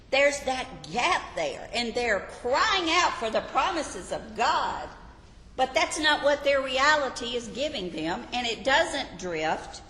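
Slow, emphatic woman teaching in an echoey hall. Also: on the high side, a bit bright, a little hiss or hum. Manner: emphatic, repeats key phrases, questions the audience. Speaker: Bible teacher. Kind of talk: sermon. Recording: echoey hall with long reverb.

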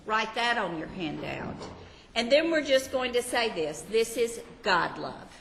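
A woman's voice: a little high, very animated, a little slow, vocal fry, fairly bright tone, big-room sound, a little hiss or hum. An older woman, teaching a Sunday school Bible class in a chatty, self-deprecating, homey way.

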